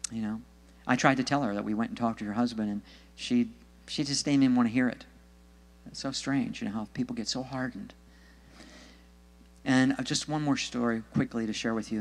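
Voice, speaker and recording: Male Christian speaker, mid-pitch, earnest storytelling sermon, long hall reverb. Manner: earnest, exhorting preacher.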